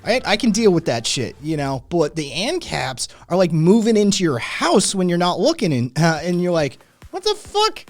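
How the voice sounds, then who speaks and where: A man hosting his own show, chatting casually and profanely with his live audience in a rambling, animated way. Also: high voice, normal speed, few pauses, faint music behind. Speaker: podcast host. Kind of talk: casual livestream chat, reading chat.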